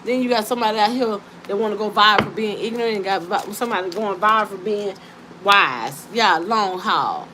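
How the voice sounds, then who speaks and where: A woman doing a casual live-stream card reading, talking to her viewers in an animated, teasing and profane way and breaking into frequent laughter. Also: medium pitch, brisk. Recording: steady background noise.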